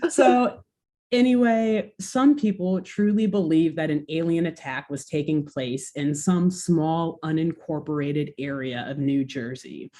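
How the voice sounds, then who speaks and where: Chatty woman telling a story, lowish voice. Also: measured pace. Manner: animated, lots of filler "like". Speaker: podcast co-host. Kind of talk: casual storytelling chat.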